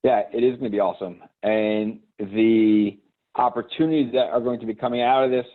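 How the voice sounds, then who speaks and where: A man's voice: lowish voice, fairly even intonation, brisk. A man hosting a live video call, rambling and hesitant with lots of fillers. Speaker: host. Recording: tinny phone-like line.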